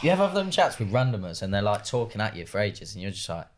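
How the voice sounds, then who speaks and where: A man, co-hosting a podcast, laid-back and quick to chime in and agree. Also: lowish voice, very animated. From Britain. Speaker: podcast co-host. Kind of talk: casual chat.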